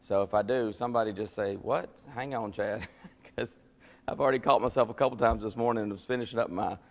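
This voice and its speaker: A man's voice: on the low side, steady tone, brisk. A tired man, chatting and telling stories before teaching a church Bible class, laughing at himself as he goes. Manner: chatty, self-deprecating, laughs at his own stories. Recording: long hall reverb.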